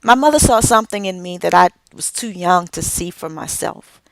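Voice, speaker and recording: Middle-aged woman speaker, emphatic, lowish pitch, unhurried, dry recording. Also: animated, dry recording. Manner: slow, emphatic delivery with dramatic pauses. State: tearful at moments. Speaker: author and speaker. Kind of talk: inspirational speech.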